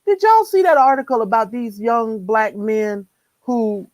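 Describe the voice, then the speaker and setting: A woman's voice: a little high, unhurried, a little mellow, no echo, poor audio. A woman co-hosting a live-stream chat show, talking in an emphatic way and repeating words when worked up. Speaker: co-host. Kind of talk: casual live-stream commentary.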